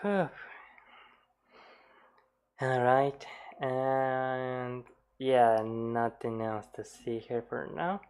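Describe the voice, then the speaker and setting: A woman with an extremely low, deep voice hosts a casual reaction stream. She chats loosely and laughs often between remarks. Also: steady tone, drawn-out words, pauses often, a little mellow, smooth.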